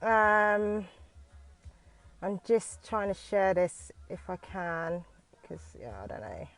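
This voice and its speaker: A British woman who teaches dance talks into her phone from inside a parked car on a live video, nervous and halting, with frequent restarts. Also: medium pitch, very animated, no echo. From United Kingdom.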